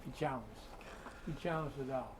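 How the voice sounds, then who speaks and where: A man's voice: medium pitch, normal speed, background noise. A man telling a creepy story in a conversational, dramatic way, full of asides, while guiding people through a museum room. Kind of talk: spooky storytelling.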